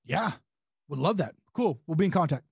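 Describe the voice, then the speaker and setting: Gravelly, profane man telling stories. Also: on the high side, normal speed, no echo, highs cut off. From California. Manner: profane, rambling, animated anecdotes. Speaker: wrestling guest. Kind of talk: casual podcast storytelling.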